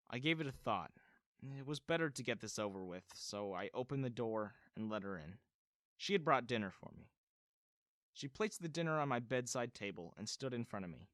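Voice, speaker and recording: A man narrating an animated story in the first person, telling it expressively. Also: mid-range voice, normal speed, no echo, clean studio sound.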